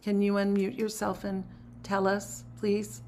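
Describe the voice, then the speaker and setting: A woman leading a spiritual class on a video call, teaching in a soft, reflective, unhurried way and guiding a chant. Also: medium pitch, completely flat delivery, a little hiss or hum.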